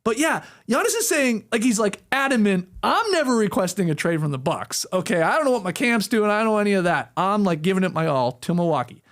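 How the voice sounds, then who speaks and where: High-voiced man co-hosting sports chat. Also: quick pace, hardly any pauses. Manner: animated, searches for words, laughs often. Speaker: podcast co-host.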